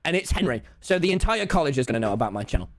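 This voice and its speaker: A young British man telling a story on his stream, excitable and swearing often, acting out both sides of each exchange. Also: mid-range voice, very fast, background noise. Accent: British English. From England. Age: young adult.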